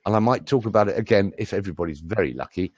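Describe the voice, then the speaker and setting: A man's voice: fairly low pitch, very fast, dry recording. A middle-aged British man, a voice coach, chatting in a jokey, show-off way. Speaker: voice coach and speaker. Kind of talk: casual live chat.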